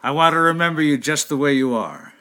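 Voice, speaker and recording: A sly, commanding uncle. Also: male voice, fairly high pitch, animated, fairly quick, pushed and bright. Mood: menacing. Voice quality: curt, commanding. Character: sly, controlling older uncle. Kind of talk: radio drama acting.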